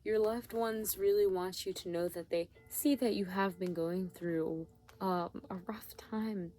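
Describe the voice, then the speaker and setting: A tired woman giving a spiritual tarot reading, talking gently with searching, repetitive phrasing and many fillers. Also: medium pitch, fairly even intonation, a little slow, faint music behind. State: yawning, tired. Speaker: tarot reader.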